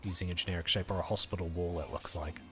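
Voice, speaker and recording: A man's voice: deep voice, fairly even intonation, fast, bright, forceful tone. A tired man chatting casually with viewers while streaming a game, easygoing and friendly. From Australia. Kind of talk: casual live-stream chat.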